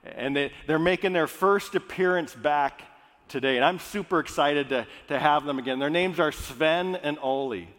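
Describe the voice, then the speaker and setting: A man's voice: a little high, moderate pace, a bit bright. A male pastor from Minnesota, praying and then preaching in an earnest, conversational way. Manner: earnest, conversational, restarts phrases. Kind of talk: sermon. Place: church sanctuary. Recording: echoey hall.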